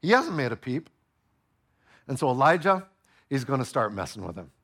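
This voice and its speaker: A male pastor preaching a sermon, playful and animated, acting out the voices of the people in the story. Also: medium pitch, moderate pace.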